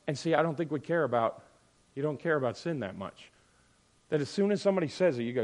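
Man preaching, animated, loud emphasis then quiet asides, a bit higher voice. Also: fast. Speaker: pastor. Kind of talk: conversational sermon to a group.

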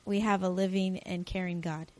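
A woman in a study group, giving a halting answer to the leader's question. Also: fairly low pitch, flat delivery, a little mellow. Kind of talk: casual group discussion.

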